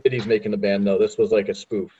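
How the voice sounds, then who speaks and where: A man's voice: on the low side, level tone, fast talker, mellow. A man in casual podcast chat, laid-back and chuckling along. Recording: slightly dull lo-fi audio.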